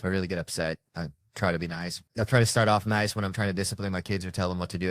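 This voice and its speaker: A man performing a stand-up comedy routine, telling animated stories and acting out his family members. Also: fairly low pitch, fast, few pauses, no room sound, studio quality.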